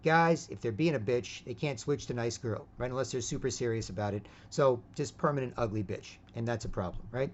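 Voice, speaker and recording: A man's voice: medium pitch, fairly quick, few pauses, a little hiss or hum. A man in a rambling monologue who keeps asking 'right?' and restarts his sentences. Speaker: vlogger. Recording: dull lo-fi recording.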